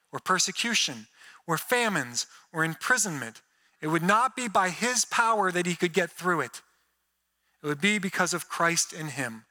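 A man's voice: a little high, bright, forceful tone. A man preaching a sermon, earnest with sarcastic asides and playful mock voices. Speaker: pastor. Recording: reverberant hall.

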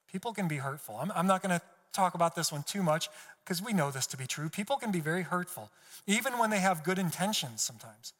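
A male pastor giving an earnest, emphatic sermon, his pitch climbing when he quotes God. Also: a bit bright. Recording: long hall reverb.

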